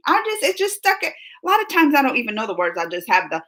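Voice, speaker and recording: A woman's voice: high-pitched, huge pitch swings, fast talker, sharp tone. A woman streamer chatting casually with her viewers, reading chat comments aloud and laughing often.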